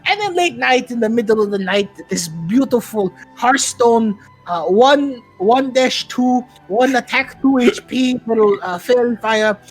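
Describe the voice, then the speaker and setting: Player putting on a cocky masked weirdo guy, gravelly and husky, drawls along slow then yells at himself. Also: medium pitch, animated, soft background music. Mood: boastful. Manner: theatrical, swings into shouted outbursts and laughs. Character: boastful eccentric masked male showman, talks to himself. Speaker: player recapping the last session. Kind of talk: in-character session recap.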